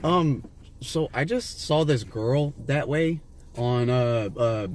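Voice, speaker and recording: A man's voice: mid-range voice, slow, slight background noise. Rambling, profane man talking from his car. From Las Vegas, USA. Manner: rambling and profane, with many fillers and restarts. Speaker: vlogger filming a street encounter. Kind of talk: casual rambling storytelling to a stranger. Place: inside a car on a street. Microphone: handheld camera inside the car.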